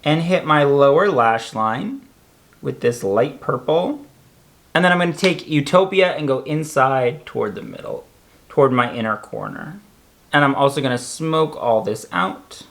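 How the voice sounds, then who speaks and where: A man's voice: medium pitch, animated, a little slow, fairly bright tone. A young man casually reviewing makeup in a chatty, campy vlog with joking asides.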